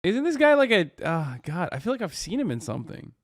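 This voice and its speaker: A man's voice: fairly high pitch, big pitch swings, a little fast, no echo, clean studio sound. A man in his thirties who streams and reacts to a video, talking casually, bluntly and mockingly with a lot of slang. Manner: blunt, slangy, mocking, bursts into loud laughter.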